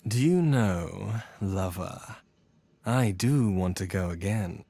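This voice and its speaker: A man's voice: sits low, expressive, slow, gravelly, warm tone, no room sound, heavily acted. An actor playing a seductive male con-man lover who teases and condescends in a video game. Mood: teasing. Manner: teasing, purring, condescending.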